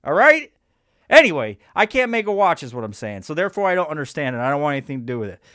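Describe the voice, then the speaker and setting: A man's voice: a little high, very animated, very fast, fairly bright tone, smooth, no room sound, studio quality. A man hosting a podcast, rambling through a crude, sarcastic comedic monologue full of restarts. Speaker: podcast host.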